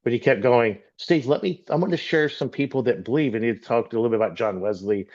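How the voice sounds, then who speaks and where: A man's voice: medium pitch, fast talker, a little mellow, highs cut off. A middle-aged man telling his personal testimony to a church, earnest and emotional, rambling with restarts. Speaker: church member sharing testimony.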